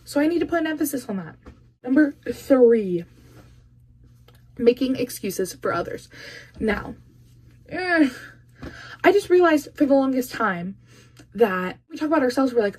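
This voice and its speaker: A woman's voice: a little high, lively intonation, normal speed, darkish tone. A young woman talking casually to camera in a vlog, chatty and opinionated with emphatic bursts. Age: young adult. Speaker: vlogger.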